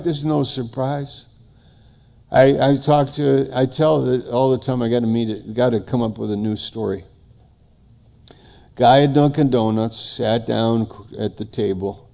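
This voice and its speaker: Slow gravelly older male preacher. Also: medium pitch, fairly even intonation, warm tone. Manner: emphatic, repeats phrases in lists. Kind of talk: sermon.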